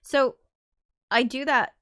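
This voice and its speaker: A woman's voice: sits high, steady tone, takes it slowly, fairly bright tone, no echo, clean studio sound. A woman composer chatting casually on a livestream, rambling with frequent restarts and casual swearing. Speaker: composer streaming her work.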